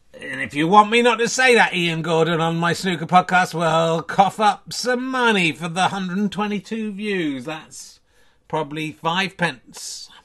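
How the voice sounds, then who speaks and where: A man's voice: a little high, a bit bright, slight background noise. A man in his fifties, a comedian rambling through a giddy, self-mocking solo monologue full of digressions. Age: 50s. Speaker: comedian hosting a solo snooker show.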